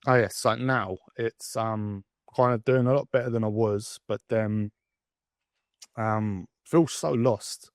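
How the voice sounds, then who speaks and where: A man's voice: fairly low pitch, slow, no echo, clean studio sound. A man in his twenties talking candidly to camera in a reflective personal monologue, rambling with fillers and restarts. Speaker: vlogger.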